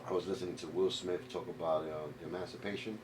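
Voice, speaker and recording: Male podcast host and dad. Very low voice, casual and hesitant, faint background noise. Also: fairly even intonation, fast. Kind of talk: casual chat.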